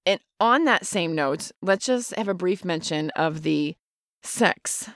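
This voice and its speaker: Speaking at a measured pace, a middle-aged podcast co-host discusses parenting casually yet earnestly, illustrating ideas with everyday examples. Her fairly low, animated voice has a fairly bright tone, and there is no echo.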